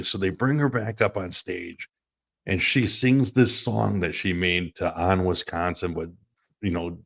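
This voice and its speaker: Deep-voiced guy with a gravelly fry, rambling through a funny story on a sports chat show. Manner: rambling, laughs through his own stories. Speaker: sports talk show co-host.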